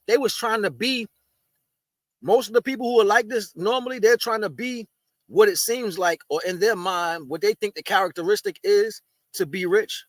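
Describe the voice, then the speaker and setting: A man's voice: high-pitched, normal speed, no echo. A man talking casually to camera, giving blunt, streetwise spiritual advice and eating while he talks. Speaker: spiritual video host.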